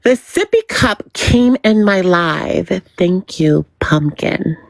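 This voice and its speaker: Slow, dramatic woman livestreamer. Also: lowish voice, lively intonation, gravelly, no room sound. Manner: dramatic and drawn-out, with teasing sing-song repetition. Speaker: livestream host. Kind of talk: gossip commentary on a livestream.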